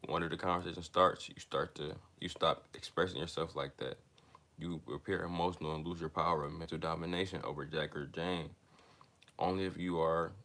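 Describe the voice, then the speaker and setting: A young man with a low, slightly bright voice reads a self-help book to his listeners, chatting casually between passages. His reading is halting, full of stumbles and restarted words.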